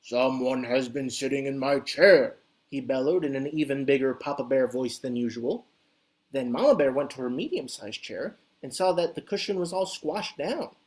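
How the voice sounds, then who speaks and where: A woman reading a children's story aloud as an expressive, animated storyteller. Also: rumbling low, normal speed.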